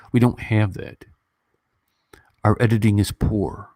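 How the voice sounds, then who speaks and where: A man's voice: lowish voice, fairly even intonation, takes it slowly, mellow, dry recording. Rambling fifty-something man, dry close sound. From United States. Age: 50s. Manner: rambling, emotional, many fillers and restarts. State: stuffy nose from crying. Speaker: YouTube movie reviewer. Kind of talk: casual livestream chat.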